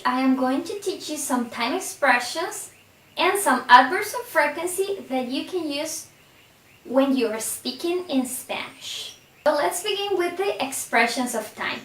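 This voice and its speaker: A woman with a high voice teaches a language lesson and reads out verb forms with slow, careful pacing. She sits some distance from the mic, and the room gives her voice a clear echo. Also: expressive, fairly bright tone. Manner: slow, careful conjugation drills. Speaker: Spanish teacher. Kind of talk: scripted lesson narration.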